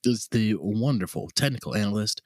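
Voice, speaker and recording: A man hosting a comedy podcast, animated and teasing, swearing often in casual chat. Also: lowish voice, a little fast, no echo, clean studio sound. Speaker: podcast host.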